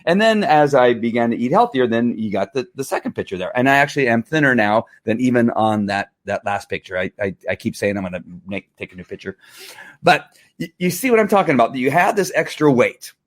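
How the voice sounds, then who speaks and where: A middle-aged man talking casually to camera in a testimonial vlog, animated and full of restarts and fillers. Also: medium pitch, brisk. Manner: animated, acts out angry outbursts, many fillers and restarts. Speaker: vlogger selling wellness products.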